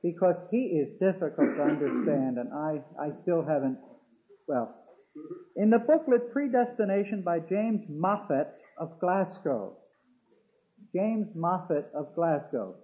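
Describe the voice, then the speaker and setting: A man's voice: fairly high pitch, lively intonation, measured pace. A man teaching a theology class, hesitating with fillers and restarts, then reading quoted passages aloud with emphasis. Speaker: theology lecturer. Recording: dull lo-fi classroom recording.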